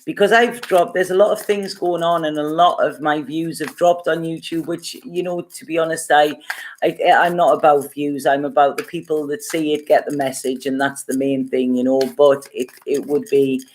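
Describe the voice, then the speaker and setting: A woman's voice: deep voice, fairly even intonation, normal speed, darkish tone, a little hiss or hum. A woman with a Geordie accent from Gateshead, giving a casual, chatty tarot reading and reassuring listeners with frequent okays. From Gateshead, North East England. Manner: chatty, reassuring, says okay often. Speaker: tarot reader.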